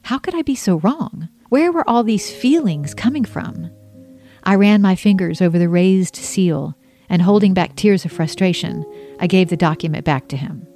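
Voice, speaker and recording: A woman narrating her own memoir in an expressive storytelling voice. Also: fairly low pitch, moderate pace, soft background music. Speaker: memoir author reading her book.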